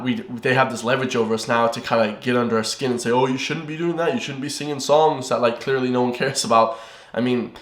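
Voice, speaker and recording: A man's voice: medium pitch, a bit bright, roomy sound. A young Irish man hosting a reaction video, ranting heatedly with lots of fillers and repeated words. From Ireland. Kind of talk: casual ranting commentary.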